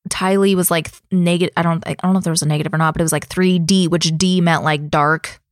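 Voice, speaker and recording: A woman's voice: fairly low pitch, steady tone, fairly quick, no room sound, studio quality. A woman co-hosting a podcast, chatting casually and bluntly about a true-crime case, swearing often and backing up her partner. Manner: blunt, swearing, lots of agreeing mm-hmms. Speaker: podcast co-host.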